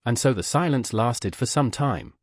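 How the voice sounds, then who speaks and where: A male audiobook narrator reads a classic novel in a measured, steady way. His pitch moves widely through each sentence. The recording is dry and close to the mic. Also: no echo. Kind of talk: scripted narration.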